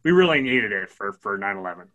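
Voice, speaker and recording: A man's voice: on the low side, very animated, fast talker, bright, forceful tone, muffled recording. A man co-hosting a podcast, teasing his friends in joking banter. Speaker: podcast co-host. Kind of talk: casual chat.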